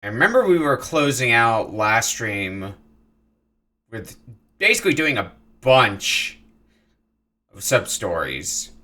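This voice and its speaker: A man streams a video game and chats with his viewers in a casual, playful way, laughing easily. His medium-pitched voice is pushed and bright, very animated, yet he speaks slowly with long pauses.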